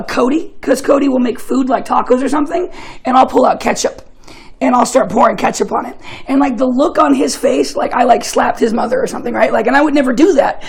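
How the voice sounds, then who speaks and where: Young man, high voice, gravelly fry, casual joking preacher. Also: low-quality recording. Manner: joking, chatty storytelling, often laughing. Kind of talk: casual humorous sermon.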